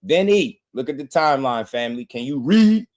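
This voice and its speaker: A man's voice: mid-range voice, expressive, moderate pace, darkish tone. A man with a mid-range voice running a live boxing stream, firing taunts at his chat. He chuckles between jabs and keeps calling out viewers by name, drawing out his put-downs. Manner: mocking, trash-talking viewers with frequent laughs; addresses chat directly, repeating names and taunts. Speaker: boxing livestream host.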